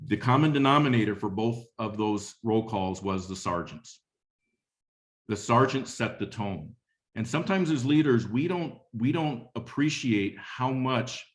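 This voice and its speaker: With a lowish voice and an unhurried pace, a middle-aged man tells an anecdote during a motivational leadership webinar, speaking conversationally and repeating phrases often.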